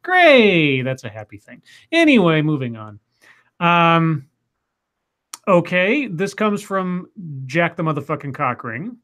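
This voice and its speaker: A man co-hosting a casual news livestream, animated and stumbling over his words. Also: a little high, slow. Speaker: co-host.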